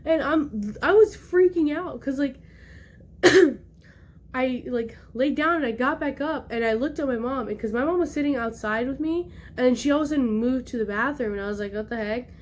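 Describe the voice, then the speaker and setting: A young woman vlogger telling a personal story in casual talk, animated and acting out the voices she quotes. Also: high-pitched, normal speed, slight background noise.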